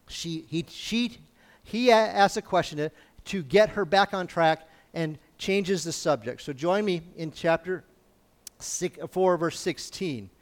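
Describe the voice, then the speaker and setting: High-voiced man teaching scripture. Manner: informal, checks in often with "okay?". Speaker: preacher. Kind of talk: conversational Bible teaching.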